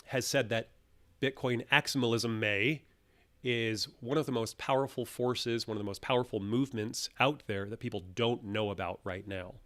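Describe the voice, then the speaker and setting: Animated male channel host. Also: on the low side. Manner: animated, emphatic asides with restarts. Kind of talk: solo commentary.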